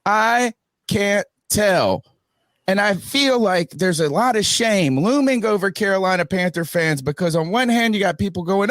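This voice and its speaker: A man hosts a casual sports podcast over a video call. His voice sits high and lands dry and close. He talks in animated, emphatic bursts and pokes fun at himself. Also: normal speed, dry recording. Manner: animated, emphatic, self-mocking. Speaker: podcast host. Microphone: video call webcam setup.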